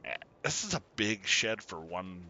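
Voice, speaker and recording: A man chats his way through a farming game stream, a low-set voice that swings lively and bright. He laughs easily and greets viewers as they drop in. The mic sound is a little dull and lo-fi. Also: a little slow. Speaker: gaming streamer. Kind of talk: casual gameplay commentary.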